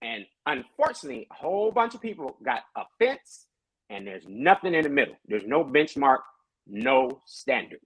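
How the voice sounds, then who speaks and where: A man who is a pastor, talking in a casual podcast discussion with animated, preacher-like storytelling. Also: mid-range voice, moderate pace, husky, no room sound, low-quality recording.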